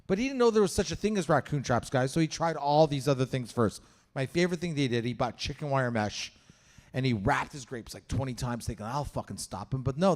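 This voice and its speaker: A man from Canada doing a stand-up comedy set, telling a story with lots of swearing and acting out the voices. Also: fairly high pitch. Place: comedy show venue with live audience.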